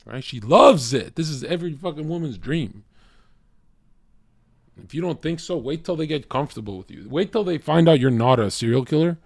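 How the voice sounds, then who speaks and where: A man's voice: lively intonation, moderate pace, vocal fry, dry recording. Brash profane man ranting to chat. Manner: brash, profane, swings from loud shouting to low murmuring. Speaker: streamer. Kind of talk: livestream rant to chat.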